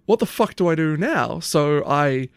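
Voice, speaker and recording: A man's voice: a little high, expressive, unhurried, clear, resonant tone, dry recording, studio quality. A man telling a long, rambling story in casual chat, swearing often. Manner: rambling anecdote, frequent swearing and "like".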